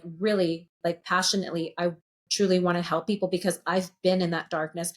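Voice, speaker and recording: A woman in her late thirties, a sound healer speaking as a podcast guest, telling her story openly and earnestly and swearing freely. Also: lowish voice. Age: late 30s. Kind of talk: candid podcast conversation.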